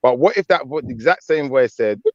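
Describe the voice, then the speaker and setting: A man's voice: mid-range voice, lively intonation, moderate pace, a little mellow, no echo, muffled recording. A man on a call-in panel, joking and teasing with questions. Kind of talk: casual group chat.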